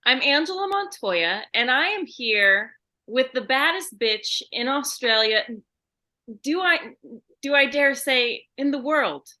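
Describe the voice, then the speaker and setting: A bubbly woman hosts a casual podcast chat, laughing often and restarting her sentences. Her voice is bright and sits a little high. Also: lively intonation, slow pace. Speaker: podcast host.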